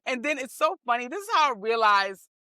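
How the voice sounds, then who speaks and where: Bright, animated woman comedian telling stories. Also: a little high, brisk, no echo, studio quality. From New York. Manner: animated, slangy, acts out quoted voices. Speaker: guest comedian. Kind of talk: casual storytelling interview.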